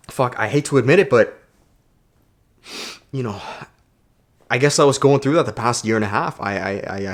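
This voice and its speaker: A man who coaches self-development, talking straight to his camera in a casual motivational vlog, emphatic and preachy and swearing freely. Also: medium pitch.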